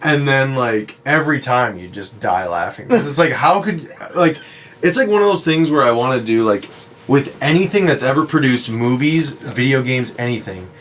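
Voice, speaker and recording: A man's voice: medium pitch, expressive, moderate pace. A man hosting a casual podcast, telling a story with laughing asides. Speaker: podcast host. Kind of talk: casual chat.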